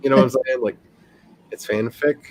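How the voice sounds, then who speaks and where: A man's voice: mid-range voice, fairly even intonation, normal speed, a little mellow. Chatty man hosting a casual livestream. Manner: chatty, rambling, laughs often. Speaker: livestream host, writer. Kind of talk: casual livestream chat with viewers.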